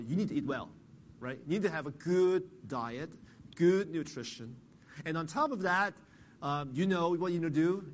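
A man with a slightly high voice delivers an expository sermon. He teaches earnestly, stops to restart words, and asks his listeners questions. A faint hiss runs under the recording. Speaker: pastor.

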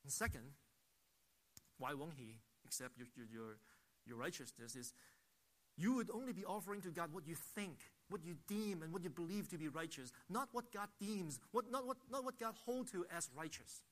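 Male pastor, slightly higher voice, emphatic sermon delivery with rhetorical questions. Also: expressive, normal speed, a bit bright.

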